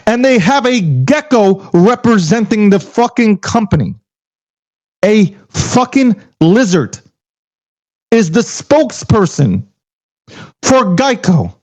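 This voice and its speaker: A man with a high, sing-song, slightly mellow voice rants about crypto, going slowly and pausing often. The rant is heated, profane and casual, packed with emphatic rhetorical questions. It's recorded on dull lo-fi audio.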